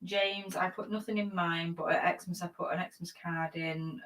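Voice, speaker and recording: Soft-spoken woman co-host, reads chat aloud, giggly. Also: lowish voice, fairly even intonation, normal speed, rough recording. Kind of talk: live-stream chat reading viewer comments.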